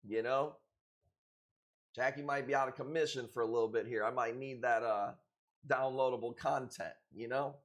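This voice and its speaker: A man's voice: mid-range voice, steady tone, normal speed. Profane, joking man hosting a stream. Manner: loose, profane, joking banter with frequent laughs. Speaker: live stream host selling corals. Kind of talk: casual live-stream chat with chat viewers.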